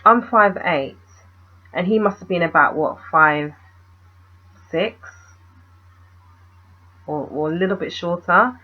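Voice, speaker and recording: A woman's voice: lowish voice, slow, long pauses, lo-fi sound. A young woman, telling a story in a casual, rambling vlog and asking the viewer questions.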